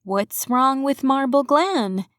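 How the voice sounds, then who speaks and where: A woman voicing a young woman who puts on a twangy Southern accent, speaking slowly in an audiobook. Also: high-pitched, animated, fairly bright tone, no room sound, clean studio sound, voice pushed up, exaggerated voice. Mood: drawling. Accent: Southern US, put on. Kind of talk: audiobook character voice.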